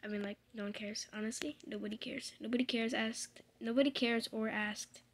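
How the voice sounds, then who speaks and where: A young woman giving casual, rambling commentary while playing a video game, playful with loud excited outbursts. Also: a little high, fairly quick, a little hiss or hum. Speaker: gamer. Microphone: desk microphone.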